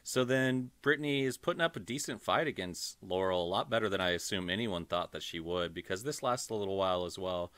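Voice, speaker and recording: A man's voice: deep voice, a little fast, hardly any pauses, fairly bright tone, no echo. A man co-hosting a podcast, casually and sardonically recapping reality show episodes. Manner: sardonic recapping, laughs between lines. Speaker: podcast co-host.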